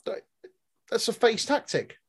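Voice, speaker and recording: A man's voice: a little slow, a bit bright, a little hiss or hum. A man co-hosting a casual wrestling recap chat, sarcastic and swearing freely. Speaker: podcast co-host.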